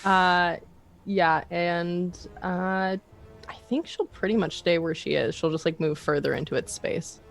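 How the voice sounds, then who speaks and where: Female player, slow and hesitant, talks through her character's moves. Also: fairly low pitch, creaky, faint music behind. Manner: hesitant, lots of likes. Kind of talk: tabletop role-play.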